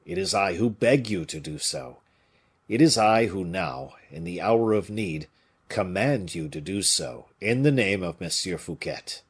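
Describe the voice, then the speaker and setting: A man's voice: sits low, lively intonation, measured pace, husky, heavily acted. A man voicing a grave noble bishop who commands and pleads with a crowd. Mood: solemn.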